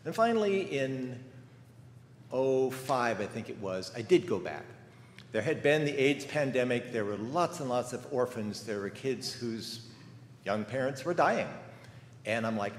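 The older guest preacher uses a medium pitch, lively intonation and a moderate pace as he tells stories and asks rhetorical questions in a conversational sermon. Slight background noise mixes with the faint ambience of the echoing church sanctuary.

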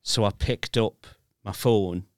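Low-voiced man telling a scary tale. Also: takes it slowly, darkish tone, clean tone, no room sound, clean studio sound. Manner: earnest, emphatic, swears. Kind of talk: casual podcast chat.

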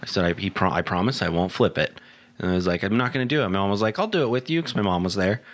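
A man's voice: deep voice, racing. A man, co-hosting a casual chat and telling a childhood story with lots of acted-out quotes. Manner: animated storyteller, acts out quoted voices.

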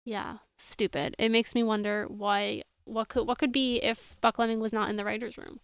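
A woman's voice: fairly high pitch, level tone, normal speed, creaky, clear, resonant tone, dry recording. A woman co-hosting a casual show recap, exasperated and sarcastic, recounting scenes from her notes. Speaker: podcast co-host.

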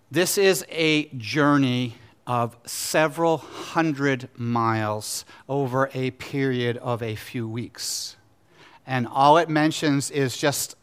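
Animated man preaching a sermon. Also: on the high side. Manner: animated, acts out scripture characters in paraphrase. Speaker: pastor.

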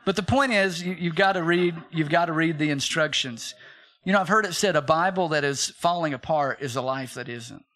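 A man's voice: on the high side, a little fast. A male pastor in his thirties preaching a sermon, telling stories with acted-out quotes and calling on the congregation to repeat after him. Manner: animated storytelling with acted quotes, calls for congregation response.

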